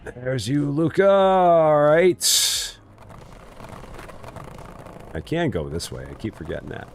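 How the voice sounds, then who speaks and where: A man's voice: medium pitch, very animated, a little fast, vocal fry, a little mellow, slight background noise. A man streaming a game live, joking, teasing his chat and breaking into sing-song asides. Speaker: gaming streamer. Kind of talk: live game commentary, chatting with viewers. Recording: faint music behind.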